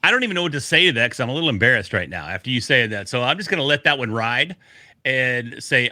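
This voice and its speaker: A man co-hosting a casual podcast, his voice bright and forceful. He talks in an upbeat, motivational way and jokes with his co-host, recorded close and dry with no room sound. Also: fairly low pitch, expressive, fast, dry recording.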